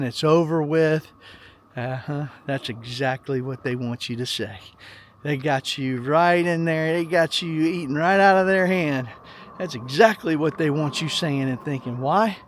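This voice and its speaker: A middle-aged man giving casual, rambling money commentary in a vlog, emphatic and folksy, often repeating himself. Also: a little high. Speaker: finance vlogger.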